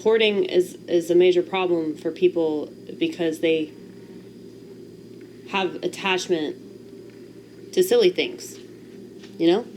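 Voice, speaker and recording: A woman's voice: fairly low pitch, slow pace, long pauses, a little mellow, a little hiss or hum, poor audio. A woman vlogger talking candidly to the camera, blunt, a little profane, emotional and self-mocking. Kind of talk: candid casual talk to camera.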